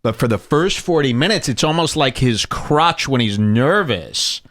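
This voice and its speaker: Mocking male host with a lively voice. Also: a little slow, hardly any pauses. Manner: mocking, jumps into high impressions. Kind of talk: casual commentary show.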